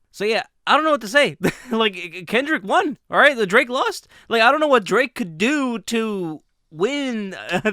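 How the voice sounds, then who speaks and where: Man, casual vlog commentary, bright sharp voice, dry close sound, laughs and swears a lot. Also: high-pitched, no room sound.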